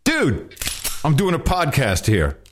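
A man co-hosting a casual podcast, animated and sarcastic, often laughing at his own jokes. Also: on the high side, takes it slowly, slight background noise. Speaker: podcast co-host.

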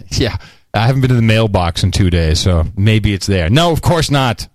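Chuckling, lively-voiced male co-host. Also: on the low side, moderate pace, no room sound, clean studio sound. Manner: joking, chuckles often. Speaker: podcast co-host. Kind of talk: casual chat.

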